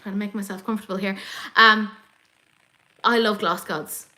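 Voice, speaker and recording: A woman's voice: medium pitch, fairly even intonation, moderate pace, pushed and bright. An Irish woman hosting a casual live makeup chat from home, rambling into self-deprecating asides. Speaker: beauty YouTuber host.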